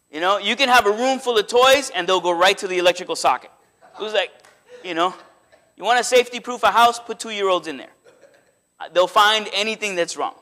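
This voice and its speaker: A man with a high, bright voice preaches a sermon in church. He talks conversationally and gets animated, often slipping into little acted quotes. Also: fairly quick. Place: church sanctuary.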